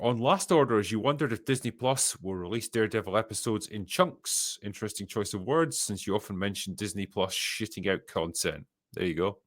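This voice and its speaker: A man's voice: lowish voice, a bit bright, dry recording. A Scottish man hosting a casual podcast, reading viewer messages aloud and answering with dry, profane, sardonic remarks. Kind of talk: casual chat.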